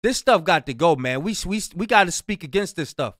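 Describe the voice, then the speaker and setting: A man's voice: high voice, expressive, fairly quick, a bit bright, no echo, studio quality. A man hosting a reaction video, talking casually with preachy, exasperated asides.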